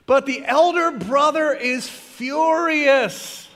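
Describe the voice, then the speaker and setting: A man's voice: very high voice, takes it slowly, bright, forceful tone. A male pastor preaching a sermon to a congregation, animatedly acting out the characters' lines as he tells the story. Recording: long hall reverb.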